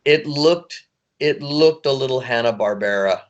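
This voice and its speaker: Animated, rambling man, voice actor guest. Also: medium pitch, a little slow, dull audio. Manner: animated, rambling, laughs often. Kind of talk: casual interview chat.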